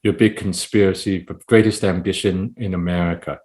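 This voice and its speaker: A man guesting on a podcast as a poet, talking in a rambling, animated way full of "it's like, you know". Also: low voice, brisk. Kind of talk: casual podcast chat.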